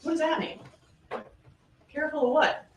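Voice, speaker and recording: A woman's voice: high-pitched, fairly even intonation, moderate pace, a little hiss or hum. A woman prosecutor giving a courtroom closing argument, emphatic and full of rhetorical questions. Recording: echoey room, distant mic, faint ambience.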